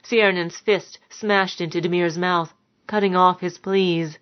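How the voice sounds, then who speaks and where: Low-voiced woman reading a dark story. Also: steady tone, unhurried, lo-fi sound. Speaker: narrator. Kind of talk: audiobook narration.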